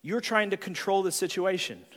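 Animated, high-voiced preacher man. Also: big-room sound. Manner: animated, acts out each personality type in quick voices. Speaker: pastor. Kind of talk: sermon.

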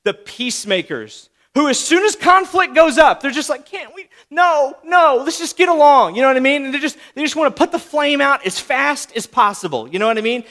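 A man with a very high voice delivers a sermon in a relaxed, conversational tone, a little fast and with few pauses. His pitch swings widely, he slips into playful little voices for examples, and he keeps checking in with "right?".

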